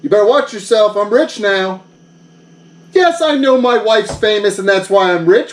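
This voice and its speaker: High-voiced man joking on a phone call. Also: expressive, normal speed, distant mic. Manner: boastful, mock-bossy, joking. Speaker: vlogger. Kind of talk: comedic one-sided phone call skit.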